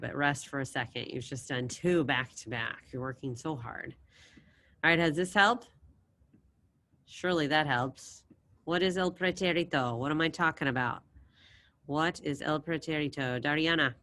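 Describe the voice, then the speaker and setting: A woman's voice: deep voice, normal speed, fairly bright tone. A woman teaching a language class over a video call, encouraging her students and drilling verb endings aloud. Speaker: Spanish teacher. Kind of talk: online class lesson.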